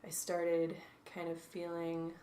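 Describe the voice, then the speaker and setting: A woman's voice: fairly low pitch, completely flat delivery, takes it slowly, warm tone. A woman in her twenties, a guest talking reflectively with many fillers and restarts, recorded in an echoey room from a distance. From North Carolina, USA. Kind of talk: casual interview chat. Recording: echoey room, distant mic, faint noise.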